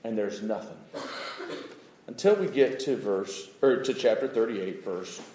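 A man's voice: on the low side, a little slow, slight background noise. Dramatic preacher man in an echoey room. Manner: dramatic, swinging from loud pleading to hushed near-whisper. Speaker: pastor. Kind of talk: sermon. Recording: roomy echo.

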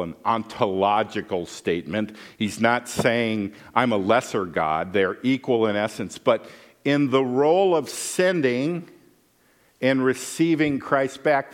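Slow, expressive male preacher. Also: medium pitch. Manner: wry, joking asides between scripture readings. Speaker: pastor. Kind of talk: sermon.

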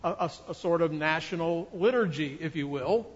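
A man preaches a sermon with an earnest, measured delivery, his voice pitched a little high. His words ring out with a long reverb, as in a large sanctuary. The recording itself sounds somewhat dull and muffled. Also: breathy edge. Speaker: pastor.

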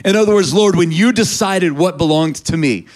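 A man's voice: sits high, normal speed. A man preaching a sermon, reading scripture aloud and urging the congregation to respond. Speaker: pastor.

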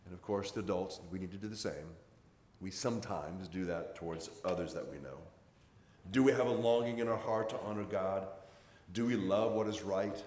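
A man's voice: on the low side, darkish tone, echoey room. A man preaching a sermon in a conversational way, pressing harder on his key points. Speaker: pastor.

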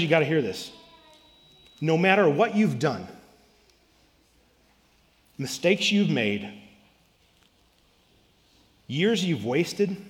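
A man, a pastor, preaching an earnest sermon and repeating key phrases for emphasis. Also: a little high. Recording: long reverb of a large hall.

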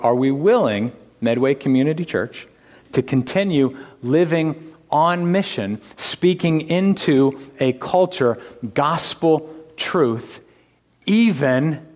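A man preaches a sermon, taking his time over each phrase. He swings from hushed whispers up to loud, emphatic lines and keeps asking the congregation rhetorical questions. His voice rings with a long reverb through a church sanctuary. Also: medium pitch. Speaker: pastor.

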